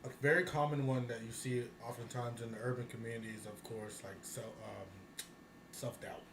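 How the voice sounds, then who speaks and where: A man's voice: medium pitch, fairly even intonation, moderate pace, gravelly. A man co-hosting a casual talk show, ranting bluntly with plenty of profanity and bursts of laughter. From United States. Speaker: podcast co-host. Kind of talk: casual chat. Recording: echoey room with noise.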